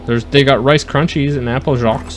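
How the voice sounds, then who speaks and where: A man's voice: medium pitch, fairly even intonation, fairly quick, slight background noise. A man casually commentating his gameplay, chatting with his live chat and joking around. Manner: chatty, talks to live chat, jokey mock accents. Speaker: let's play host.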